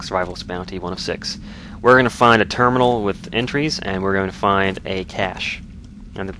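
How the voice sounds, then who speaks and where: Man with a deep voice, laid-back, rambling gameplay commentary. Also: vocal fry. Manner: easygoing, rambling, self-correcting. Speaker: let's play host.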